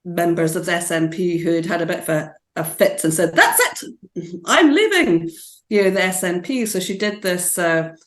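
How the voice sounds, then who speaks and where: A woman speaking as a guest in a casual interview, her voice fairly low for a woman. She talks hesitantly, pausing often with "uh" between thoughts. The recording has a roomy echo around her. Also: flat delivery. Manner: hesitant, with many uh fillers. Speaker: campaigner guest. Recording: echoey room.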